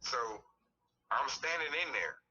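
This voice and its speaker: A man's voice: fairly high pitch, very animated, a little slow, sharp tone. A man in his thirties in casual conversation as a podcast guest, rambling and cursing freely. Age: 30s. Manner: rambling storytelling with frequent cursing. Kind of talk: casual chat. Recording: distant, thin lo-fi mic with faint hiss.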